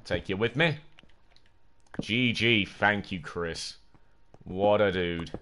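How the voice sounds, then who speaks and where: A young British man livestreams a video game, speaking slowly in a lowish voice over a little hiss or hum. Excitable and jokey, he chats with his viewers during casual gameplay commentary and yelps whenever something startles him.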